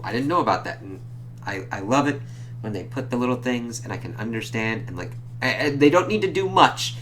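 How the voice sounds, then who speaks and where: A man's voice: expressive, fairly quick, fairly bright tone, slight background noise. Casual, cursing man recapping a comic. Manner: loose and profane, jumps higher when quoting characters. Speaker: comic book reviewer.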